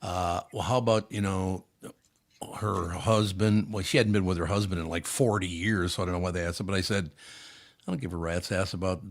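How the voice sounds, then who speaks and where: A man's voice: low voice, steady tone, fairly quick. An older man hosting a podcast, telling blunt, profane anecdotes in casual chat. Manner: blunt, swears freely, tells anecdotes. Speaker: podcast host.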